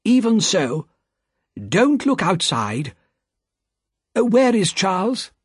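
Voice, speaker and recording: Anxious elderly banker, urgent and pleading, read by a man, raised husky voice, dry close sound. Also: high-pitched, sing-song, slow, no room sound, pitched above the performer's own voice, heavily acted.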